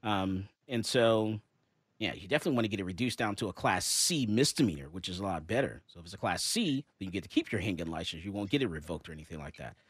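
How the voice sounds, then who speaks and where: A man's voice: low-pitched, fast talker, slightly rough, dry recording, clean studio sound. A man hosting a casual talk show, telling stories with acted-out quotes and frequent laughs. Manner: animated storyteller, acts out quotes, laughs often. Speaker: host and handgun license instructor. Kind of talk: casual talk radio chat.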